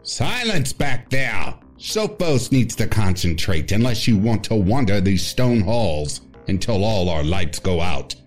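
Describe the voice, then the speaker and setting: A man voicing a stern male warrior in a dark maze, speaking in a grim, commanding way. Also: fairly low pitch, very animated, unhurried, hardly any pauses, soft background music.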